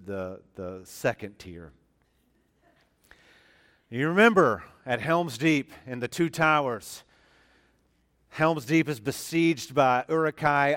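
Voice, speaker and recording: Earnest preacher man with a clear voice. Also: mid-range voice, a bit bright. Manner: conversational preaching, with frequent restarts and repeated phrases; earnest and emphatic, stressing key words. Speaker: pastor. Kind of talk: sermon.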